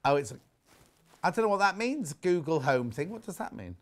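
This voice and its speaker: English male shopping-channel host, lively swooping voice, fairly high, chatty. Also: normal speed. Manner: chatty, animated, reads viewer messages aloud. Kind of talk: live sales chat. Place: TV studio.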